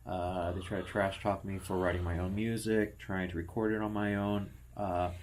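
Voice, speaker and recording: A man's voice: deep voice, level tone, moderate pace, darkish tone, a little hiss or hum. A man who is a musician, on a podcast as a guest, talking bluntly and joking crudely. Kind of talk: casual chat.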